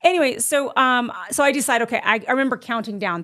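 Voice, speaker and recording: A middle-aged woman tells a story in casual chat, her voice sitting a little high. She is animated and slips into acting out what she once said. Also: fast. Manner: animated, acts out her own past lines. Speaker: guest storyteller.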